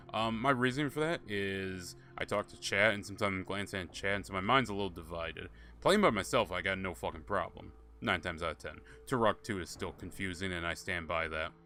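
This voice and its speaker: A man's voice: sits low, sharp tone. A man streaming a game, chatting to his viewers and telling rambling, profane stories. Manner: rambling, profane, laughing storyteller. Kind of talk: casual gameplay commentary.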